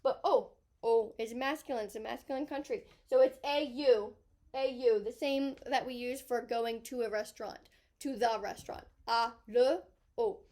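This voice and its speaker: A woman's voice: a little high, steady tone, moderate pace, warm tone. A woman teaching a French grammar lesson, chatting and thinking aloud as she writes on a board.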